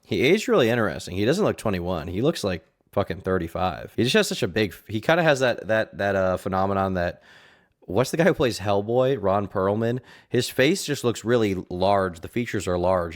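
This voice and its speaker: Deep-voiced man reacting on a live stream. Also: expressive, brisk. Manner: rambling, casual, crude asides.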